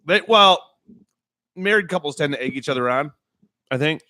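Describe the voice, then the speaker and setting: Male podcast host, crude storyteller, fairly high voice, dry close mic. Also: animated, normal speed, pushed and bright, no echo. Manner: crude jokes, profane storytelling. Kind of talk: casual chat.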